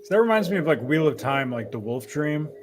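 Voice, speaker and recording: A man's voice: fairly high pitch, big pitch swings, fairly quick, slight background noise. Laid-back man chiming in. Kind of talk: casual chat.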